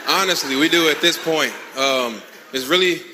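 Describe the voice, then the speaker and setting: A man giving a relaxed, chatty testimony in church, with a bright and fairly high voice. The room has a long reverb. A faint hiss sits under the speech. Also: unhurried. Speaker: church member sharing a testimony. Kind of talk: casual testimony.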